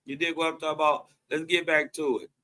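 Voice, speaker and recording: A man's voice: fairly high pitch, little pitch movement, fast talker, bright, forceful tone. A man, commenting on a debate clip in an emphatic, preachy way that keeps asking "right?". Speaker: host reacting to a clip.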